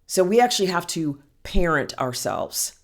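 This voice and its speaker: A woman giving a heartfelt self-help talk as a healing coach, speaking gently and soothingly and calling the listener honey. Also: lowish voice, big pitch swings, moderate pace. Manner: affectionate, calls listener honey and girl.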